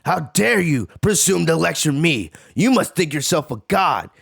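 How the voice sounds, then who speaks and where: A man voicing an arrogant male alien villain from a comic, reading his lines aloud in a lower voice. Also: very animated, normal speed, creaky, fairly bright tone, husky, no room sound, clean studio sound, heavily acted. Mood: defiant.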